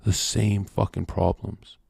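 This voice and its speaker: A man's voice: on the low side, little pitch movement, takes it slowly, creaky, darkish tone, slightly rough, dry recording, studio quality. A man hosting a stream, ranting in a crude, profane monologue and asking "right?" again and again. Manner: mock-quotes people in sudden voice swings. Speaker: streamer host.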